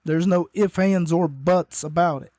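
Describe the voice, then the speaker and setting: A man with a somewhat high voice talks through a wrestling recap in a loose, rambling podcast style. He keeps correcting himself and coughs between points. The sound is dry and close, with no room around it. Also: unhurried, mellow, no room sound. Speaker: podcast host.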